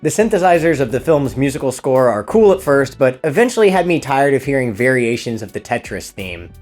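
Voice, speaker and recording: A man's voice: mid-range voice, big pitch swings, brisk, a little mellow, soft background music. Dry, sarcastic male film reviewer. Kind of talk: scripted comedic review narration.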